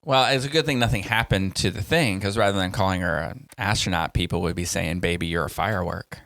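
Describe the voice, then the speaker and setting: A man co-hosting a podcast, chatting casually and telling stories full of quick asides. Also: lowish voice, fairly bright tone. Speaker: podcast co-host. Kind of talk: casual chat.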